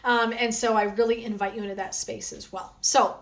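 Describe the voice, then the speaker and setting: A woman's voice: on the high side, fairly quick, noisy background. A woman wellness coach chatting energetically on a phone live stream, with a sore throat from talking. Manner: chatty and energetic, frequent "um" and "right?". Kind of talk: casual live stream chat.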